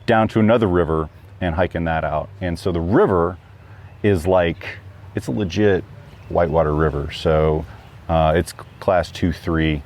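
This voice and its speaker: Low-voiced man chatting, rambling. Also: normal speed, darkish tone. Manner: rambling, many fillers and restarts. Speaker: guest hiker. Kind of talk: casual chat.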